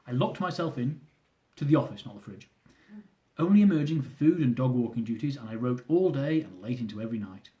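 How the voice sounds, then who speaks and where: A man reading his own comic travel memoir aloud, with animated delivery. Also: medium pitch, fairly quick. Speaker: author.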